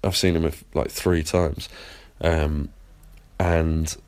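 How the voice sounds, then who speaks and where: An Englishman from Plymouth hosts a casual, sweary audio diary in a very deep, mellow-tinged voice, recorded dry. He speaks very slowly and in a level tone, rambling through enthusiastic stories.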